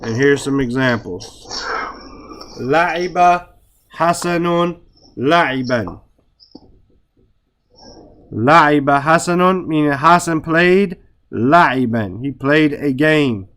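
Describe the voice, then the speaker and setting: A man teaching Arabic grammar in a relaxed way, stressing words for emphasis and often checking in with "right?". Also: fairly high pitch, slow, long pauses. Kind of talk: relaxed classroom explanation.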